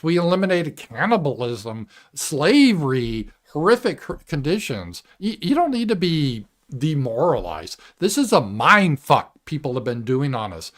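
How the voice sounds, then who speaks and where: Man, show host, lively swooping voice, mocking, casual commentary. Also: moderate pace, hardly any pauses. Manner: animated, mocking shrill voices, swearing.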